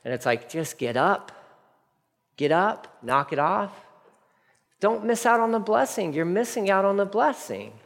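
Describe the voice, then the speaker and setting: A man preaching a casual, animated sermon, acting out the people in his story. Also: high voice, unhurried, vocal fry. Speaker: pastor. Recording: long hall reverb.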